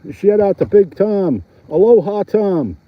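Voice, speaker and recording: A man's voice: sits high, expressive, measured pace, no room sound. A middle-aged man with a Philadelphia accent, chatting casually to viewers of his livestream while ice fishing outdoors, laughing often, recorded on a phone strapped to his chest. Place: outdoors on a frozen lake, windy. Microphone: phone mounted on his chest. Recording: dull, slightly lo-fi phone audio.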